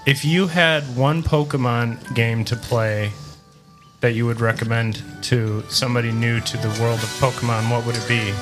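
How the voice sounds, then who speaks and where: A man's voice: medium pitch, steady tone, moderate pace, hardly any pauses, over music. A man co-hosting a casual podcast, playfully reading out quiz questions. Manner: playful, reads options in a list. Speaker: podcast co-host.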